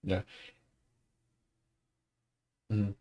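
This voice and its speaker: A man with a dark tone and slightly quick delivery leads a language study group. His pronunciation explanations are casual, full of fillers and restarts as he thinks aloud.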